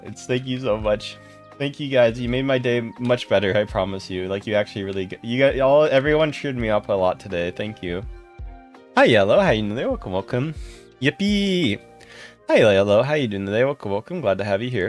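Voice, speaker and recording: A livestreamer in casual chat with viewers, warm and thankful, greeting people by name and breaking into giggles. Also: medium pitch.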